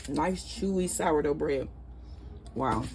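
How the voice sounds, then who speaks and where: A woman's voice: lowish voice, normal speed, slight background noise. A woman hosting her own cooking vlog from a home kitchen. She talks chattily, gasps with delight and keeps tasting as she goes. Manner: chatty, excitable, gasping with delight, often tasting while talking. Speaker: cooking channel host.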